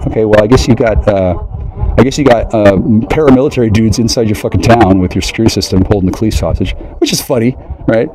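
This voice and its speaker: Rambling, profane man with a low, dark voice. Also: fast talker, slight background noise, poor audio. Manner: profane, rambling, swings into mocking high voices. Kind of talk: rambling monologue to camera.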